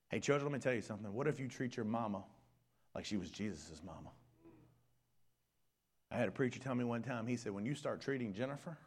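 A man preaching a sermon, swinging between hushed whispers and shouted peaks. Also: mid-range voice, expressive, a little fast, pauses often, slightly rough. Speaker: pastor.

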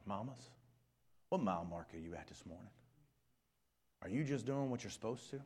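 A man preaching a sermon, swinging between hushed whispers and shouted peaks. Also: fairly low pitch, animated, moderate pace, long pauses, slightly rough. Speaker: pastor.

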